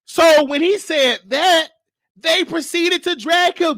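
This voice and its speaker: Man, very high voice, dry close sound, animated storyteller, show host. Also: slow pace, no echo. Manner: animated, mimics others, drops to a low crooning voice. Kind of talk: casual storytelling monologue.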